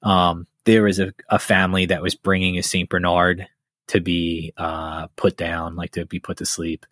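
A man's voice: low voice, flat delivery, moderate pace, fairly bright tone, no echo, studio quality. A man hosting a podcast in casual chat, telling personal stories candidly, swearing freely and getting heated. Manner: candid, profane, heated storytelling. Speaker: podcast host.

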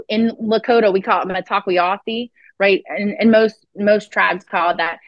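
Blunt, animated woman telling a wild story. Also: medium pitch, normal speed, few pauses, no room sound, dull audio. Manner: blunt, profane, acts out quoted dialogue. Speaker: psychic guest. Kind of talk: animated storytelling in a podcast interview.

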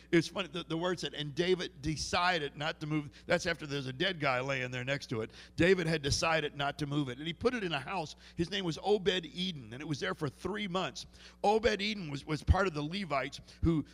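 Pastor telling stories in a reverberant church. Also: male voice, a little high, fairly bright tone. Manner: folksy storytelling with many restarts. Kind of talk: sermon. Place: church sanctuary. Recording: long hall reverb.

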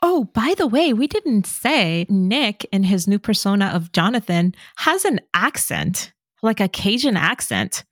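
A woman's voice: medium pitch, big pitch swings, measured pace, no room sound, clean studio sound. A woman co-hosting a casual movie recap, chatting through the story. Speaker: podcast co-host.

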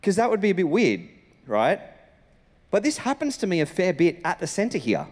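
A male Australian pastor gives a sermon in a relaxed, storytelling way, slipping into little voices for the greetings he quotes. His voice sits somewhat high and rings out with long reverb in a large church hall. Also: moderate pace. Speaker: senior pastor. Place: church auditorium.

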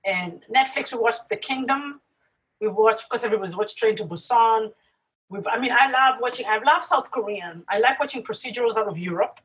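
A woman with a slightly high voice chats casually and emphatically at a brisk pace, animatedly acting out her reactions as she goes. The mic is distant and the audio poor.

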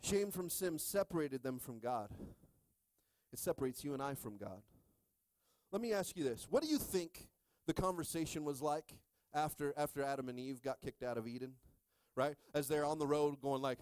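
A middle-aged man pastor preaching a sermon with call-and-response, joking with the congregation and rising into shouted stretches. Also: high voice, lively intonation, a little fast, no echo.

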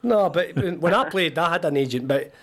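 A man's voice: fairly high pitch, lively intonation, fairly quick, fairly bright tone. A Scottish man, a former footballer, co-hosting a sports radio chat, joking and laughing as he banters with a guest. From Scotland.

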